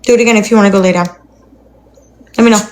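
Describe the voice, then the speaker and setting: A woman's voice: medium pitch, steady tone, rapid-fire, a little mellow. Chatty young woman live-streaming from home. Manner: chatty and rambling, with cooing baby-talk to her dog. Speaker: livestreamer. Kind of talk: casual livestream chat. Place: her apartment at home. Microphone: phone.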